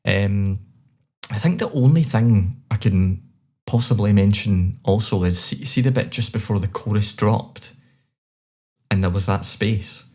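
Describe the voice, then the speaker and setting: A man with a Scottish accent co-hosting a podcast, reviewing songs in a relaxed, chatty way with many fillers. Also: fairly low pitch, unhurried. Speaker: podcast co-host. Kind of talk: casual chat.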